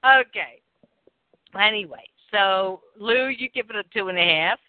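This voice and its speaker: Excitable high-voiced man on a phone line. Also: measured pace, clear, resonant tone, no echo. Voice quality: excitable, gushing, laughs often. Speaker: podcast host. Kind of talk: casual chat.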